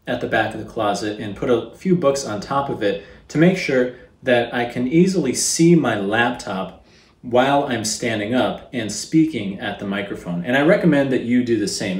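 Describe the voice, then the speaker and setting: A man teaching how to record a voice, explaining calmly in a closet set up as a recording booth and speaking into a studio microphone. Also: medium pitch, roomy sound. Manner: calm, explanatory, demonstrating as he goes. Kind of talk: instructional tutorial.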